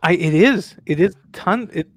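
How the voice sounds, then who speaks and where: A man's voice: sits high, expressive, measured pace, a little hiss or hum. A man running a role-play game for friends, narrating in a rambling way with lots of fillers. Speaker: game master.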